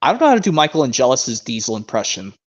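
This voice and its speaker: A man's voice: medium pitch, wildly swooping pitch, quick pace. A young man streaming in casual chat, rambling and hesitant as he searches for his words. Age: young adult. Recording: dull lo-fi stream mic.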